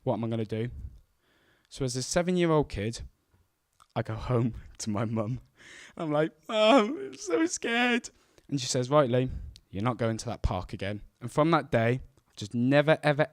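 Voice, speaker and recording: Male storyteller, live stage, dry close sound, animated quoting. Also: medium pitch, normal speed, no echo. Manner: acts out quoted voices, shouting and mimicking.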